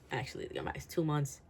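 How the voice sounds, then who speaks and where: A woman reviews a book in a loose, rambling rant, cursing freely and laughing a lot.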